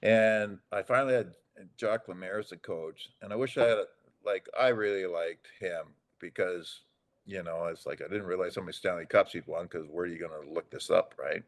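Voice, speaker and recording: A man's voice: sits low, fairly even intonation, fairly quick. A man in his sixties, a former hockey player, telling rambling anecdotes on a podcast, acting out the dialogue and chuckling often. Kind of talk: casual storytelling chat.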